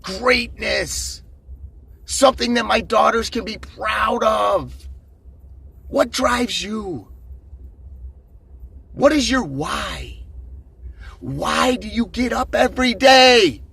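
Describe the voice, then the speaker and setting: Intense ranting man, high bright voice. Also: animated, slow pace, gravelly, pauses often, slightly rough. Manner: intense, swearing, shouting bursts. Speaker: motivational vlogger. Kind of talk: ranting motivational monologue. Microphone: phone camera.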